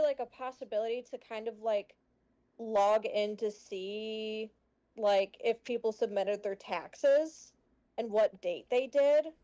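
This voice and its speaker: A woman's voice: on the high side, warm tone, dull audio. A woman playing in a tabletop game, tentatively thinking aloud with many fillers. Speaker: player.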